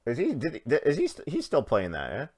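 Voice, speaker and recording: A man's voice: medium pitch, huge pitch swings, fairly quick, slightly rough. A man hosting a casual gaming podcast, easygoing and full of filler "uh"s. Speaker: podcast host.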